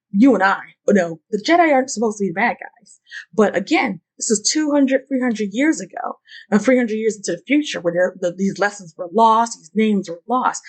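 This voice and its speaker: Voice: mid-range voice, breathy edge, rough recording. A YouTube host giving casual fan commentary, talking in a rambling way, with many fillers and the odd curse word.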